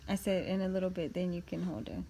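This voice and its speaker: A woman's voice: lowish voice, fairly even intonation, quick pace, dark tone. A mother filming her baby on a phone at home, talking to her in fond, cooing baby talk. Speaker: mother and vlogger. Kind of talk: casual home video. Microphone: handheld phone.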